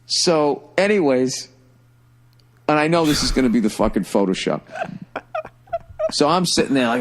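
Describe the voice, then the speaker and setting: A middle-aged man telling a funny story in a casual, profane, animated way, like a stand-up comedian on a podcast. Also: mid-range voice, a little fast.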